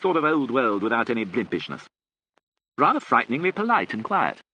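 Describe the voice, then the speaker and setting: A man's voice: mid-range voice, very animated, fairly quick, pushed and bright, a little hiss or hum, pitched above the performer's own voice, low-quality recording. A man voicing a stern, irritable young aristocrat with a clipped, commanding manner.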